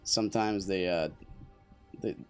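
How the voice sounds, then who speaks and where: A man's voice: low-pitched, measured pace, clean tone, soft background music. A young man chatting casually to his stream while playing, rambling and joking with viewers and teammates. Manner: rambling, jokey, talks to chat and teammates. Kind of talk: casual gameplay commentary.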